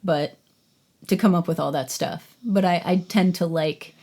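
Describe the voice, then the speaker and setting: A woman's voice: fairly low pitch, a little slow, mellow, slightly rough. A woman co-hosting a casual movie review podcast, frank and wry with dry asides. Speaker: podcast co-host.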